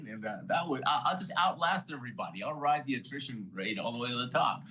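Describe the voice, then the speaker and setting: A man's voice: medium pitch, quick pace, hardly any pauses, low-quality recording. A man in his sixties from Texas, a guest telling his life story with energy, laughing often and acting out the conversations he had. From Houston, Texas. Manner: energetic, motivational, laughs often, acts out dialogue. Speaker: guest, Olympic athlete. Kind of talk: storytelling interview.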